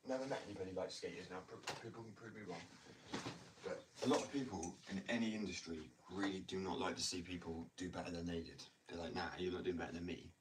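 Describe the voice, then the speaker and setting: A man with a very low voice talks quickly in a loose, rambling way, leaning on "like" and "you know". He speaks from some distance to the mic at home, over a faint hiss of noise. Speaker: skateboarder talking about skating. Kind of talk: casual chat. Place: indoors at home.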